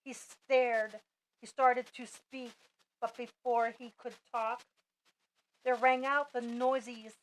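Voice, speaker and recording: A middle-aged woman reading a rhyming children's story aloud, slow and expressive, as a parent at bedtime. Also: a little high, poor audio. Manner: slow, expressive, dropping soft at the end.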